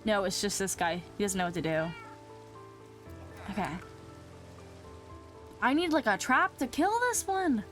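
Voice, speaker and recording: A woman's voice: sing-song, a little slow, long pauses, a bit bright, soft background music. A young woman hosting a game video, chatting casually and talking back to the game's creatures in a flustered, exclaiming way. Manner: flustered, talks to the game's mobs, swings from exclaiming to low muttering. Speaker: Minecraft let's play host.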